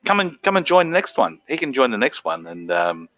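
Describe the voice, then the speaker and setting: Bright, dry-sounding man. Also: medium pitch, big pitch swings, dry recording, highs cut off. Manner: halting, repeats himself, swears freely. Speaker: guest YouTuber. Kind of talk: casual livestream chat.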